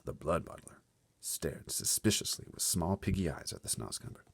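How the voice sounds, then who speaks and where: A man reads a children's book aloud in a deep, gravelly voice that swings widely in pitch. His tone is husky, and the sound is close and dry. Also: normal speed, no echo. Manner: expressive storytelling delivery. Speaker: storyteller.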